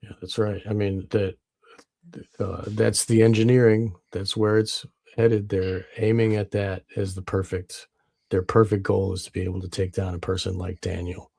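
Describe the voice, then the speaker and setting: A man with a low, gravelly voice and a dark, mellow tone talks over a dry remote call mic. He mostly agrees with the others in short interjections. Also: flat delivery, normal speed, no room sound. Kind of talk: casual conspiracy discussion.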